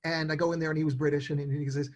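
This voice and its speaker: A man in his sixties from New York, a songwriter and producer telling stories in an interview and acting out his own thoughts in quick asides. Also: on the high side, level tone, muffled recording. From New York, USA. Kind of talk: conversational storytelling.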